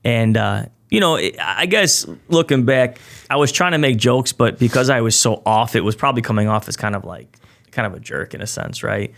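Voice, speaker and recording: A man's voice: mid-range voice, normal speed, creaky. A man, a podcast guest, telling a personal story in casual conversation and acting out what other people said. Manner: animated, acts out quoted people.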